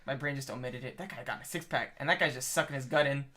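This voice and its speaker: A woman's voice: a bass voice, fast talker, background noise. A woman co-hosting a podcast in casual chat, joking and rambling with crude humor. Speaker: podcast co-host.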